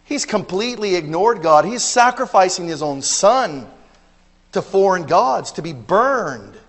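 A man delivers a sermon in a fairly high voice, taking his time over each phrase. He jumps from loud, urgent cries to quiet, low asides and restarts with repeated words. His voice rings with a long reverb in a large hall. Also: sing-song, unhurried. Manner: emphatic, swings between loud exclamations and low asides. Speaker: preacher.

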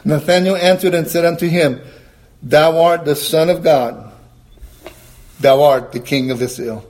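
A man with a high, darkish-toned voice delivers an emphatic sermon. He poses questions to his listeners and answers them himself, shifting to a slower, lower voice whenever he quotes scripture. Between points he frequently clears his throat.

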